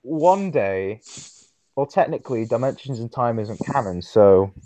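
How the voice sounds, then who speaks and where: A man's voice: medium pitch, expressive, measured pace, mellow, no room sound, low-quality recording. A young man hosting a casual podcast chat, rambling, restarting and stumbling over his words. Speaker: podcast host.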